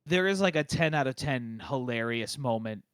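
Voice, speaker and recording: A man's voice: medium pitch, animated, normal speed, fairly bright tone, clean tone, dry recording. A man with a mid-range voice co-hosts a casual podcast chat. He is enthusiastic and leans on filler words, and the sound is dry and close. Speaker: podcast co-host.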